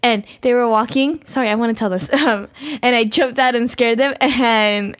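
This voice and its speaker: A young woman co-hosting a podcast, rambling excitedly through stories in casual chat. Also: a little high, normal speed, clean tone. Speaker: podcast co-host.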